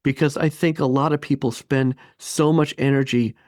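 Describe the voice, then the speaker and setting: A man in his fifties telling a personal story as a podcast guest, lively and acting out the voices of people he quotes. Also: mid-range voice, moderate pace, no echo, studio quality. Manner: animated, acts out quoted voices. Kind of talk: storytelling interview.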